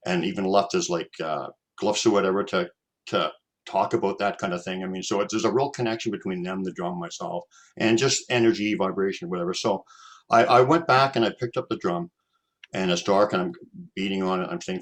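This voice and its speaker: A man's voice: low-pitched, fairly quick, fairly bright tone. A Canadian man hosting a casual chat, telling a personal story in a rambling way, with repeated words and many fillers.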